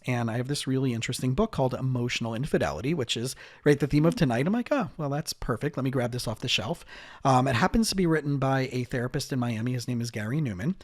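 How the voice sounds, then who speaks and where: Man, casual podcast host, chatty with restarts, mid-pitched, dry close sound. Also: no room sound. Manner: chatty, lots of fillers and restarts. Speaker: podcast host, marriage and family therapist.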